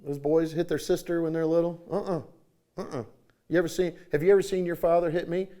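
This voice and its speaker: At a church conference, a middle-aged man preaches a sermon in the sanctuary, telling folksy stories and acting out voices in his anecdotes. His voice is a little high with a dark tone, fairly even intonation, and a quick pace.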